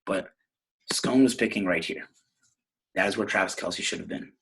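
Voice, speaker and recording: A man's voice: deep voice, normal speed, fairly bright tone, a little hiss or hum. A man from New York hosting a podcast, ranting in a brash, profane, rambling way. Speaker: podcast host. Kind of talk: casual podcast rant.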